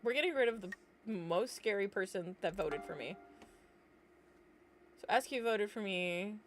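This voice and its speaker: A woman's voice: medium pitch, expressive, measured pace. A woman livestreaming a game, chatting casually and reacting with swearing and laughter. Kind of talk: casual live gameplay chatter. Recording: game music playing behind. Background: game music.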